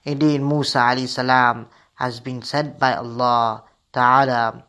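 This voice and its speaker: A man's voice: mid-range voice, flat delivery, measured pace, bright, forceful tone. A man voicing a group of magicians who defiantly declare their new faith, in a radio story for children.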